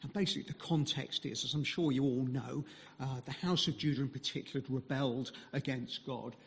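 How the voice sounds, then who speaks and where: A man speaking as a visiting mission speaker, giving a conversational sermon full of pauses and fillers. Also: medium pitch, fairly even intonation, gravelly, long reverb tail. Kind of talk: sermon talk.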